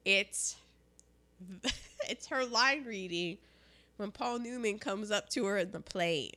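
A woman co-hosting a casual chat about a film, animated and jokey, acting out quotes as she talks. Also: mid-range voice, slow pace. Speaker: podcast co-host.

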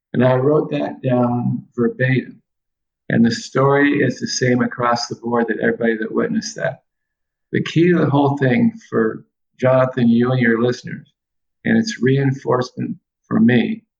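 A man telling a long anecdote on a talk show, animated, quoting people with restarts along the way. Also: mid-range voice, creaky, muffled recording. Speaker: guest storyteller, former baseball coach. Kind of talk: casual storytelling on a talk show.

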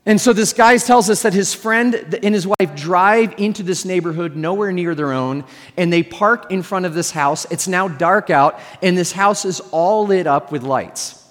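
Male pastor, higher-pitched voice, storytelling sermon with jokes to the crowd, long hall reverb. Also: moderate pace. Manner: storytelling with humorous asides to the audience.

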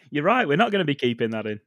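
Male co-host, wry commentator, lively pitch. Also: a little fast, dry recording, dull audio. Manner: wry, dry running commentary. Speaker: podcast co-host and editor. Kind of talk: casual chat.

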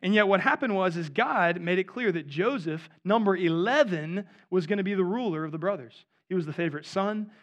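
A high-pitched man in his thirties delivers a sermon in a church, amplified by a mic. His delivery is animated and chatty, full of asides to the congregation. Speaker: pastor. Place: church before a live congregation.

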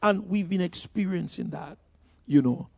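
A man's voice: sits high, animated, unhurried, vocal fry, a little mellow, no room sound, clean studio sound. An older male pastor preaching a sermon, emphatic, with frequent "you know" fillers and stumbling restarts.

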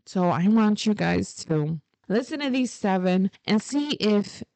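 A woman's voice: mid-range voice, expressive, a little slow, gravelly, a little mellow, dry recording, rough recording. A young woman talking casually to her viewers in a chatty, emphatic way with sassy asides. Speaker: vlogger. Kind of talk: casual talk to camera.

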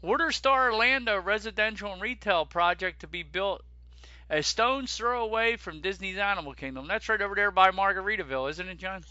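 An animated man chatting and joking through theme park news on a podcast. His voice sits high and sounds very bright and forceful. The recording is dry and a bit dull. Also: fairly quick, dry recording. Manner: animated, joking, swears casually, keeps addressing his co-host. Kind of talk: casual chat.

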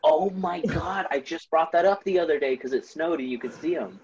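A man's voice: fairly high pitch, brisk, darkish tone, lo-fi sound. A young man chatting casually on a podcast, earnest and full of fillers. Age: young adult. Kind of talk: casual chat.

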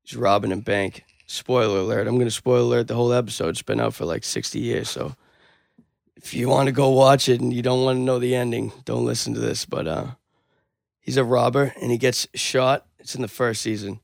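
A man's voice: mid-range voice, a little fast, creaky, dry recording, studio quality. A man retelling a story in casual chat, acting out the dialogue with lots of swearing. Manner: animated storyteller, acts out dialogue, swears a lot.

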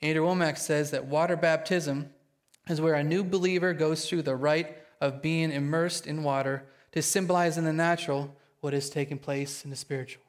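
A man preaching a sermon to his congregation, excitable and quick, often checking in with them. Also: a little high. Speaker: pastor.

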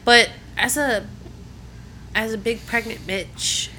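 A young woman in casual chat, reacting to a friend's story with teasing remarks and loud laughter. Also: on the high side, steady tone, takes it slowly, a little hiss or hum.

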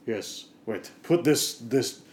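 A man's voice: mid-range voice, lively intonation, slow, a little mellow, slight background noise. A man voicing a fussy, bossy male Renaissance painter who snaps orders at his sitter. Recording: roomy echo.

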